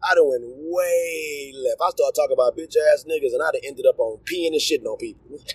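Husky-voiced man ranting casually. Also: fairly high pitch, fairly quick, dry recording, low-quality recording. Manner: animated, crude, rambling, disgusted asides. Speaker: commentator. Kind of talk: casual opinion rant.

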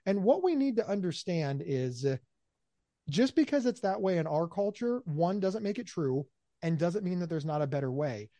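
Animated man talking in a dry room. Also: high voice, normal speed, no room sound. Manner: animated, acts out quoted voices, repeats words. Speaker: guest, mental health speaker. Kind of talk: conversational interview answers.

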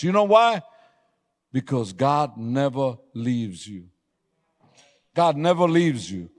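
A man preaching a sermon, telling personal stories with a laugh and building to loud, emphatic exhortation. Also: medium pitch, very animated, slow pace, long pauses. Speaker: pastor. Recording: long hall reverb.

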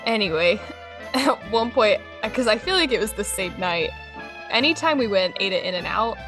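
A young woman co-hosting a podcast, telling stories in a casual, giggly, animated way. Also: mid-range voice, normal speed, music in the background. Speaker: podcast co-host. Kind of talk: casual chat.

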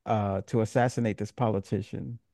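A man co-hosting a casual film-discussion podcast, with a gravelly, dark voice. He talks in a laid-back, loose way and swears freely. The sound is dry and close. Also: fairly low pitch, steady tone, fairly quick, no room sound. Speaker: podcast co-host.

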